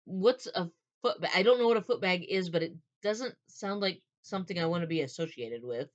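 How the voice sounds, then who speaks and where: Brief: stoic, apologetic young British man, baffled but courteous, voiced by a woman, low register. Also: expressive, a little fast, muffled recording, natural voice. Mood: puzzled. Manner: polite, baffled, explaining himself.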